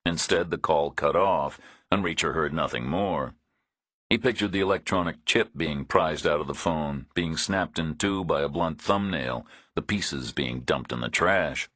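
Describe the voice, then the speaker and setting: Extremely deep husky male narrator. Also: unhurried, fairly bright tone, dry recording, studio quality. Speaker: audiobook narrator. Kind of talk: scripted audiobook narration.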